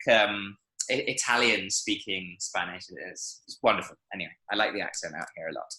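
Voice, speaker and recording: A man teaches Spanish online over a video call, encouraging his students and saying words aloud to show pronunciation. His fairly low voice is steady, pushed and bright, at a normal speed, and the room is echoey.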